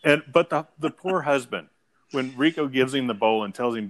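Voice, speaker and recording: Here a middle-aged man, one of a podcast's co-hosts, tells stories about a film at an easy pace and recites its lines. He speaks at normal speed in a mid-range voice during the casual movie chat.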